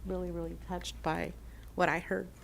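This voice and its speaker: Woman program manager pleading at city council, low flat voice, kinda choked up, ums everywhere. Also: normal speed, vocal fry, a little hiss or hum. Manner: earnest, emotional, with fillers and restarts. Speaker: shelter program manager giving public comment. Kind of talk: public comment at a council meeting. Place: council chamber.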